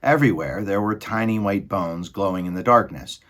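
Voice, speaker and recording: A man reading a children's novel aloud in an expressive, dramatic way. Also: low-pitched, moderate pace. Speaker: storybook reader.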